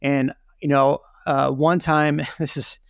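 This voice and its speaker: Gravelly-voiced man telling his story. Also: a little high, flat delivery, slow pace, no echo, clean studio sound. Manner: candid, lots of fillers like "you know" and "right?". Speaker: real estate team leader, guest. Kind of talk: conversational interview storytelling.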